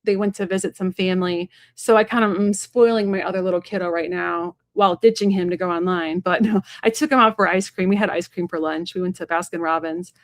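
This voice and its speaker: A woman's voice: fairly low pitch, steady tone, a little fast, hardly any pauses, no echo. Chatty woman on a dry livestream mic. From Kansas. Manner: chatty, rambling, with many fillers and asides. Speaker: tarot reader hosting a livestream. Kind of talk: casual livestream chat.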